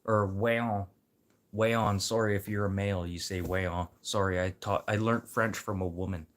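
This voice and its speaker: A man's voice: deep voice, fairly even intonation, fairly quick, a bit bright. A man from Manitoba, ranting casually and bluntly, full of swearing and rambling asides. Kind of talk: casual rant.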